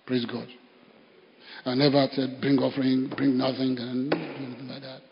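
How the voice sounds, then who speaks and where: A man with a Nigerian accent, a pastor preaching a sermon with animated storytelling and bursts of laughter. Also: medium pitch, moderate pace, slight background noise. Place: church. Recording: dull sound in a reverberant hall.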